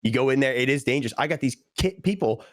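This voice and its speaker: A young man and podcast guest in casual chat, telling a story with lively impressions of the people in it. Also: medium pitch, fast talker, no room sound, studio quality. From Philadelphia area, USA. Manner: animated storyteller who acts out quoted people.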